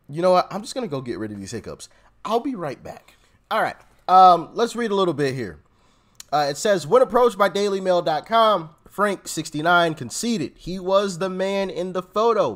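Guy doing a commentary vid, reads the news out loud and laughs a lot, voice jumps all over. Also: on the high side. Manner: animated, laughs often, stumbles and repeats words; talks straight to viewers as "guys". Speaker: commentary channel host. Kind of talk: casual political commentary, reading news aloud.

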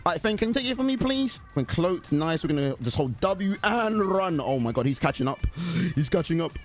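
A young man giving excited live commentary on a horror game he is playing, chatting to his teammates and the killer. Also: a little high, a little fast. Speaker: gaming YouTuber.

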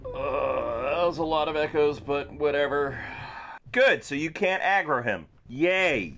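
A man's voice: fairly high pitch, unhurried, fairly bright tone. A man giving goofy, joking commentary while playing a video game, laughing often and slipping into silly voices. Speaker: gaming video host.

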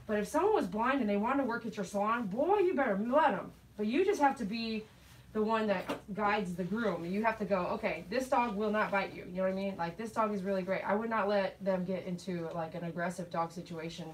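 A middle-aged woman and dog groomer chatting casually while she grooms, telling animated stories and laughing often. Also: medium pitch, brisk, far from the mic, slight background noise, low-quality recording. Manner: chatty, animated storytelling with quoted voices.

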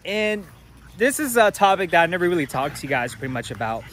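A man's voice: high-pitched, sing-song, fast, a bit bright, slight background noise. A young man, a dog breeder, chatting casually in a rambling, laid-back vlog, swearing freely.

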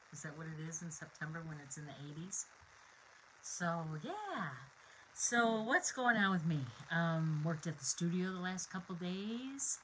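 A woman's voice: low voice, slight background noise, low-quality recording. A middle-aged woman hosting a card-making live stream from her home craft room, chatting with viewers in a bubbly, rambling way with many fillers.

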